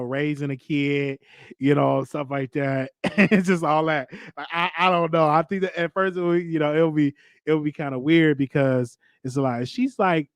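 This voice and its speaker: A man's voice: medium pitch, no room sound, studio quality. A young adult man from Chicago with a Chicago accent, hosting a casual solo chat, rambling and stammering as he repeats himself. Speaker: show host.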